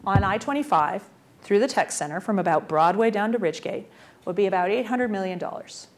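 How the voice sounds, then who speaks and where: Brief: an energetic woman presenting at a conference, asking the audience questions, medium-pitched voice. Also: a little fast. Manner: energetic, uses rhetorical questions. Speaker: conference speaker, transportation official.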